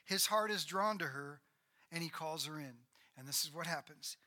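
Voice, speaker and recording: A man preaching a sermon, retelling a Bible story with lively acted-out dialogue. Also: fairly high pitch, moderate pace. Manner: animated storytelling, acting out biblical characters.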